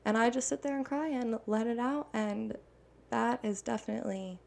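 A young adult woman, a hair stylist, speaking openly and from the heart in a conversation, her words coming in quick rushes. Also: fairly high pitch, gravelly, a little mellow. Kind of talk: candid conversation.

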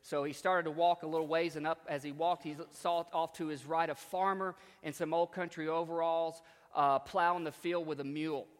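A man telling stories from the pulpit in a repetitive, emphatic, conversational way. His voice sits a little high. A long hall reverb hangs behind his words. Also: little pitch movement, moderate pace. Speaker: preacher. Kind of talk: storytelling sermon.

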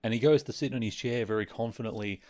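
A man's voice: mid-range voice, fast, a little mellow. A man hosting a podcast alone, recapping an episode in a casual, rambling way, full of "like" and "you know" and amused asides. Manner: rambling, filler-heavy, amused. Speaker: podcast host.

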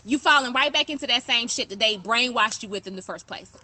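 A woman's voice: a little high, fast talker, pushed and bright, slight background noise. A woman hosting a show, talking to her listeners in a passionate, emphatic monologue and repeating phrases to drive her points home. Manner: conversational, thanks commenters mid-talk. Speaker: podcast host.

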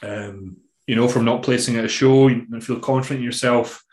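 A man's voice: medium pitch, moderate pace, reverberant. A Scottish man, a bodybuilding coach, chatting casually on a podcast, telling stories loosely with lots of swearing and fillers. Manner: swears freely, relaxed storytelling with many fillers.

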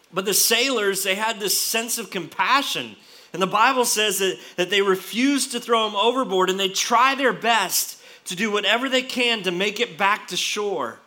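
A pastor preaching a sermon, retelling a story in an animated way with frequent restarts. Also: male voice, high voice, moderate pace.

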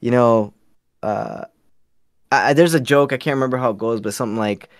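A man's voice: medium pitch, a little fast, dry recording, studio quality. A man from Canada, a podcast guest, talking in a laid-back, rambling, self-deprecating way. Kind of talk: casual podcast chat.

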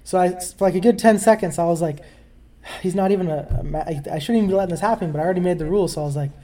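A man in casual conversation, telling a story quickly with relaxed, muttered asides. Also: sits high. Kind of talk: casual conversation about tabletop games.

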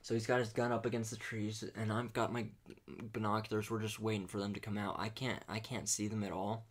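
A man telling a hunting story in a casual chat, animated and laughing, full of "dude" and "like". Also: fairly low pitch, brisk. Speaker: podcast host.

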